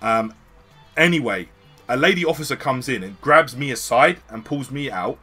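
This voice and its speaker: Bright-voiced British man telling a story. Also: medium pitch, normal speed, husky, soft background music. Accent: British English. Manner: slangy, swearing, animated retelling. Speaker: streamer. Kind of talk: casual storytelling.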